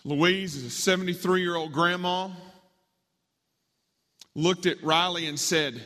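A man's voice: high-pitched, steady tone, slow pace, long pauses, bright, forceful tone. A man preaching, telling a story dramatically as part of a sermon, in a large hall with long reverb.

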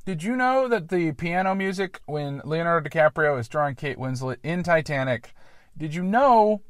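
A man's voice: fairly high pitch, lively intonation, normal speed, no room sound, clean studio sound. Rambling, self-deprecating male podcaster outdoors. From Columbus, Ohio. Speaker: podcast host. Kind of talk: rambling solo podcast monologue. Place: outdoors in a local park.

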